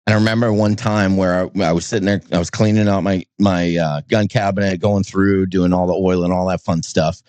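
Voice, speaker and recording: Lowish-voiced man telling a raw personal story. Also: normal speed, no echo. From New England. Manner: animated, swings from low somber tones to high exasperated bursts. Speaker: podcast co-host, pastor. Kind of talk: candid personal storytelling on a podcast.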